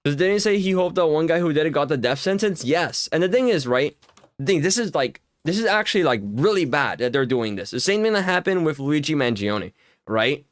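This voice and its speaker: Young male streamer, fast heated rants full of swearing, slightly high voice. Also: expressive, dry recording, clean studio sound. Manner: heated, profane ranting with many fillers. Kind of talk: casual chat while gaming.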